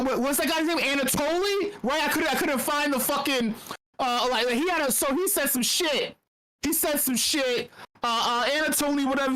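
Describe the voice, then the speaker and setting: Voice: mid-range voice, a bit bright, rough recording. Rambling, profane crypto meetup host. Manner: rambling, profane, stammers and repeats words; sarcastic and irreverent. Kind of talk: casual ranting commentary.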